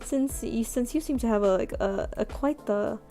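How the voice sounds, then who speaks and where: Woman playing teasing monster guy, lazy drawl, gravelly, dark tone. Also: on the high side, normal speed, natural voice. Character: flirty monster brother who steals life force.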